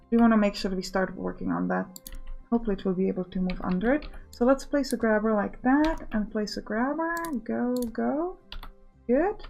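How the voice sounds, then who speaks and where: A woman's voice: a little high, gravelly, darkish tone. A woman hosting a let's play, talking casually as she thinks aloud and gives orders to her game workers. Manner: chatty, thinking aloud, bossing game units.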